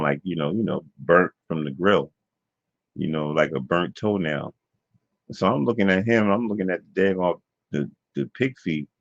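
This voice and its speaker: Gravelly low-voiced man rambling through a story. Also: no room sound. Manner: loose, digressive, full of fillers and repetitions. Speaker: vlogger. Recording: dull lo-fi dry sound.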